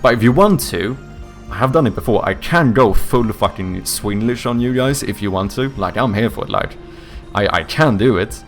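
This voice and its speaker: With soft music in the background, a young indie game developer from Sweden streams live, speaking English lightly accented by his native Swedish. His voice is on the low side and expressive, at a moderate pace. The chat is casual and rambling, with pauses to find words and the odd swear.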